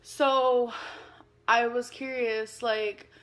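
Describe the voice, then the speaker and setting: A woman's voice: on the high side, level tone, extremely slow, a bit bright. A woman rambling through a personal story in a vlog, filling her talk with many likes and ums. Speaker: vlogger.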